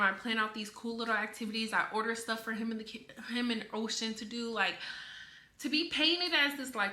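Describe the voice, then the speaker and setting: A woman's voice: on the high side, bright, forceful tone. A young woman explaining her side as a stepmother, sounding hurt and defensive, her speech full of "like". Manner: hurt and defensive, many "like" fillers. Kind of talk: personal explanation video. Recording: echoey room.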